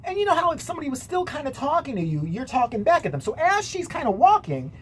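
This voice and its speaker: Woman vlogger, sarcastic, swears, lively swinging pitch, faint ambience. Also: fast talker, a little hiss or hum. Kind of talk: casual profane commentary.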